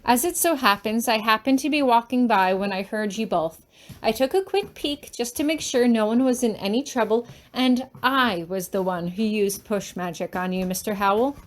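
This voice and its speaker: A woman doing a calm, firm female professor. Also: fairly high pitch, normal speed, close to an everyday voice. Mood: soothing firm. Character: stern but kindly female professor.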